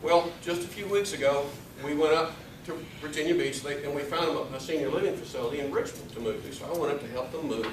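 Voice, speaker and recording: A man's voice: on the high side, quick pace, few pauses, noisy background. A middle-aged man giving a humorous speech to an audience, telling a family story with timed punchlines. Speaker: speaker. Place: room with a live audience. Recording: echoey hall, mic at a distance.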